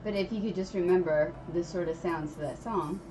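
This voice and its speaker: A woman's voice: lowish voice, a little fast, music in the background. A woman chatting casually and playfully on her husband's stream. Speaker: co-host, streamer's wife. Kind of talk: casual chat.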